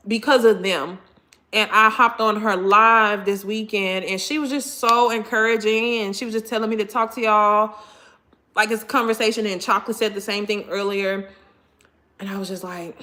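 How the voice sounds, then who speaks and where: An animated, expressive woman, chatting casually with her viewers during a live stream. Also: medium pitch, a little fast.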